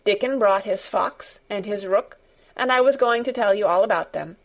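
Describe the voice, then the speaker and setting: A woman voicing a stubborn, fierce-tempered young girl who speaks in a sharp, obstinate and blunt way. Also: mid-range voice, moderate pace, close to an everyday voice. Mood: sour.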